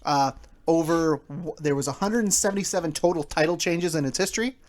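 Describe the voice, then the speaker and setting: A man's voice: a little high, fairly quick, darkish tone. A man co-hosting a podcast, blunt and mocking toward his co-hosts in casual chat. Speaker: podcast co-host.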